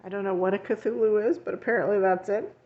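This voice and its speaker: Heard over phone-quality audio, a woman with a medium-pitched, fairly even voice talks quickly. She teaches art and runs a coloring channel, and in this laid-back vlog she shows her finished pages while rambling, dropping fillers and correcting herself a lot.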